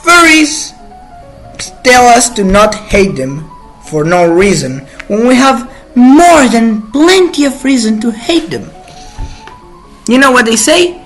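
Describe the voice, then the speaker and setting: With a high-pitched, fairly bright voice, the channel's male host rants through an indignant, opinionated monologue. He keeps stopping and starting again along the way.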